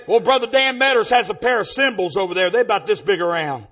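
A man preaching, telling folksy stories with exuberant shouting bursts and a husky voice. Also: high voice, quick pace. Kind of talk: storytelling sermon testimony.

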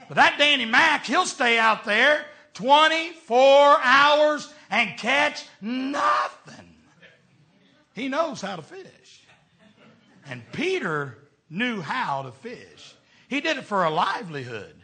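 An older preacher with a drawl, telling homespun stories with plenty of humor. His voice sits high and swings widely in pitch, and it has a bright, forceful edge. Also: very animated, unhurried. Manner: folksy storytelling preacher with humor. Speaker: pastor. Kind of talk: sermon.

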